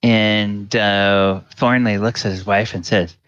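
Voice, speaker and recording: Slow low-voiced male game master. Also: fairly even intonation, a bit bright, clear, resonant tone, dry recording, dull audio. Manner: halting with many fillers. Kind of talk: narrating a tabletop game.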